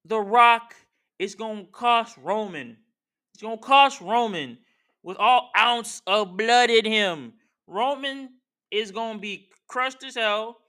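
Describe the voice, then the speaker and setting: A man's voice: sits high, slow pace, bright, forceful tone. A man hosting a podcast, giving a slangy, heated commentary rant and talking straight to the people he discusses. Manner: slangy, heated, talks straight to wrestlers and fans. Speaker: podcast host. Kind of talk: casual wrestling commentary rant.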